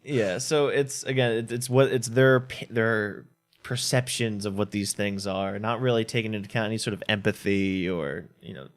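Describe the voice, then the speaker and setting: A man in a casual film debate who thinks aloud, pausing and restarting as he hunts for the right word. His voice sits a little low and stays measured. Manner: halting, thoughtful, searching for words. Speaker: podcast co-host.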